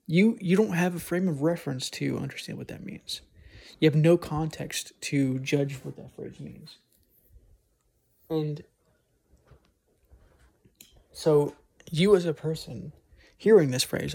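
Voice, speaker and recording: A man's voice: a little high, a little slow, creaky, long pauses, mellow, breathy edge. A man talking alone on a casual podcast, thinking aloud and rambling with frequent restarts. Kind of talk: casual solo monologue.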